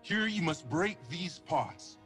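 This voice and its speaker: An actor playing a young, earnest alien guardian in a video game, speaking formally and with measured care. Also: male voice, fairly high pitch, expressive, fairly bright tone. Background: game music.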